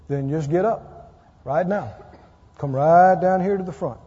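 A man's voice: fairly high pitch, moderate pace, long pauses, dark tone, breathy edge. A man preaching a sermon and leading an altar call, emphatic and pleading in a repetitive preaching cadence. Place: church sanctuary. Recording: dull echoey church recording.

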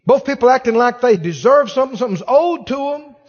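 A man's voice: extremely high pitch, fast talker, in a large hall, highs cut off. A man preaching a sermon as pastor, acting out the voices of the people in his stories. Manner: animated preaching, acts out quoted voices.

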